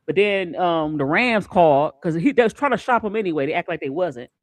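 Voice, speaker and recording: A man hosting a casual sports talk stream, animated and repeating words as he gets going. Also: high-pitched, a little fast, dry recording. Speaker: show host.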